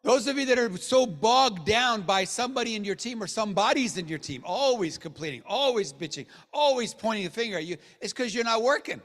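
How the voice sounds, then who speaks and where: A man giving a motivational sales training talk to a room of people, joking, and swinging between low mutters and loud bursts. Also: expressive, fairly quick, few pauses. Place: meeting room with an audience. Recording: long hall reverb.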